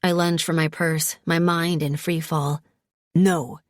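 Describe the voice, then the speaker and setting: Woman reading a romance audiobook, low voice, slow and calm, dry close sound. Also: no room sound. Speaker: audiobook narrator. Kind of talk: first-person romance audiobook narration.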